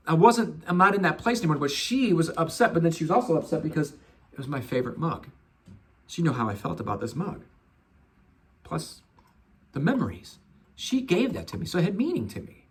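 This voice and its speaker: A man's voice: fairly high pitch, fairly bright tone. A middle-aged man giving a casual spiritual self-help talk, swearing freely and slipping into mocking voices.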